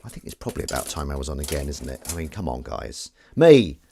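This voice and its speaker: A man's voice: rumbling low, fast talker, background noise. A man chatting casually to live-stream viewers while washing up in his kitchen, rambling with jokey asides. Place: home kitchen at the sink.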